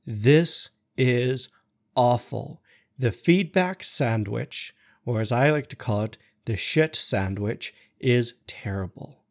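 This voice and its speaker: Male podcast host, blunt and profane, mid-pitched voice, animated storytelling delivery. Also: takes it slowly. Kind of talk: blunt monologue on management.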